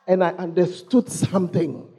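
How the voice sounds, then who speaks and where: A woman's voice: on the low side, little pitch movement, moderate pace, mellow, breathy edge. A woman with a Ghanaian English accent preaching a storytelling sermon, calling out to the congregation and repeating her phrases.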